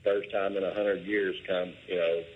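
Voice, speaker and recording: A man, a professional angler, answering interview questions in a relaxed, rambling, plainspoken way from his workshop. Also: sits low, moderate pace, phone-quality sound, a little hiss or hum. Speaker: guest, pro bass angler.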